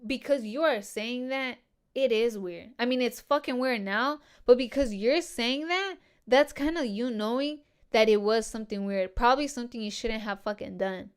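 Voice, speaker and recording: A woman's voice: fairly high pitch, moderate pace, clear, resonant tone. A woman hosting her own podcast, telling a personal story in casual slang and swearing freely as she talks to her listeners. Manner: heavy swearing and slang, addresses listeners as dude and girls. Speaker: podcast host.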